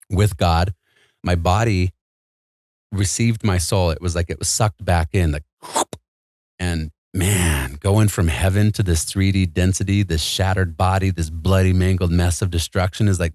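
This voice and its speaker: A man's voice: sits low, darkish tone, dry recording, studio quality. A man as an interview guest, telling a personal story in a casual, earnest and emphatic way, full of "like" and "man".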